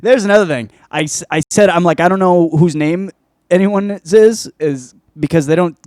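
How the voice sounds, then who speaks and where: A man's voice: high-pitched, moderate pace, darkish tone, no room sound, studio quality. A man hosting a podcast, reviewing a film in casual, rambling chat full of swearing and restarts. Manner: rambling, profane, self-interrupting. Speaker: podcast host.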